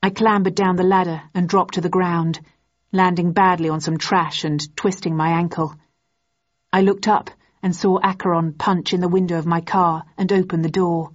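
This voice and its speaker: A woman reading a first-person novel aloud in a measured, even storytelling manner. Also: lowish voice, lo-fi sound. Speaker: audiobook narrator.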